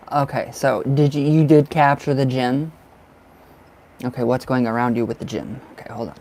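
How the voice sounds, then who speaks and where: A man's voice: mid-range voice, steady tone, moderate pace, a little mellow. A man doing live-stream tarot readings, chatty and giggly, who calls viewers by name and sounds cold and bundled up. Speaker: tarot reader.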